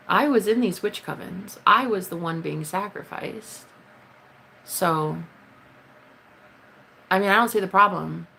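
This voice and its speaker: A woman chatting casually with her viewers on a live stream, blunt and swearing freely, with high excited bursts when she greets people. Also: creaky, a little hiss or hum. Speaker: livestreamer.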